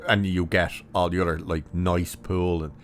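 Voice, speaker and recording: A man's voice: sits low, flat delivery, moderate pace. A man giving a casual, rambling spoken film review, blunt and full of restarts and asides.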